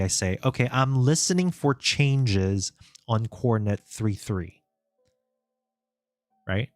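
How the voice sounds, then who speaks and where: A man's voice: lowish voice, dry recording. A man streaming his indie game development, thinking aloud and chatting with viewers, often chuckling. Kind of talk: live-stream dev chat. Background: soft background music.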